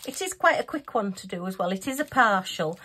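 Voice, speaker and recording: A woman's voice: medium pitch, animated, a little fast, bright, forceful tone, a little hiss or hum. A woman hosting a craft channel, chatting through a casual unboxing review, giggly and poking fun at herself. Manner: chatty, giggly and self-mocking.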